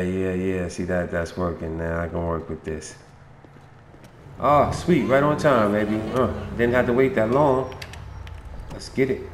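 A man's voice: fairly low pitch, vocal fry, roomy sound, slight background noise. A man giving casual, slangy commentary while playing a video game, chatting to the characters on screen. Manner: laid-back, slangy, talks to game characters.

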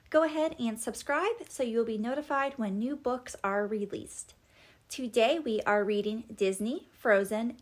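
A woman reading a children's storybook aloud, with expressive, animated narration as the host of the channel. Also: on the high side. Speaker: storybook reader.

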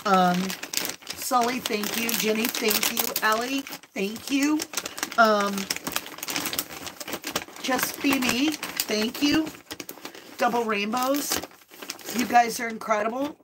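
A woman's voice: a little high, takes it slowly, pauses often, very noisy. A woman hosting a casual livestream, gushing and tearful as she thanks her viewers. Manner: emotional, gushing, says "like" and "um" often. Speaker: channel host.

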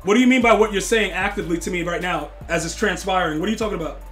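Male game streamer with a high voice; loud, profane reactions and joking back-and-forth with viewers. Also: racing, soft background music. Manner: excitable, swears, loud outbursts at the game; teasing banter with chat. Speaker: gaming streamer.

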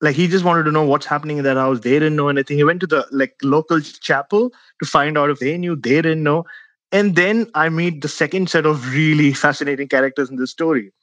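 A man, a guest journalist, telling a story in a casual podcast chat, lively and full of fillers, acting out the voices of the people he quotes. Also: on the high side, a little fast, no echo. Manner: animated, acts out quoted voices, filler-heavy.

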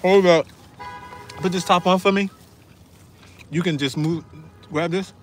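In this casual food vlog, a high-voiced man from Newark, New Jersey chats right to his audience between bites. His tone stays steady and his pace a little slow, and he sounds slightly sniffly. Faint music plays behind him, along with faint wind noise from the windy parking lot outside.

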